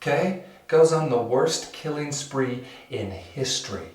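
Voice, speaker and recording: A man's voice: animated, unhurried, a little mellow, natural voice. Crude rambling storyteller in a comedy sketch, a man doing it, echoey and off-mic. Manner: profane, rambling storytelling with squeaky village voices. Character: crude, rambling man, a naked alter ego telling a mock parable. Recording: echoey room, far from the mic.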